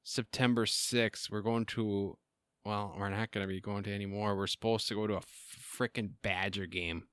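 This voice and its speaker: A man's voice: fairly low pitch, fairly even intonation, moderate pace, fairly bright tone, smooth, no room sound, studio quality. A middle-aged man hosting a casual solo podcast, rambling and self-deprecating with lots of fillers, breathing heavily. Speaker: podcast host.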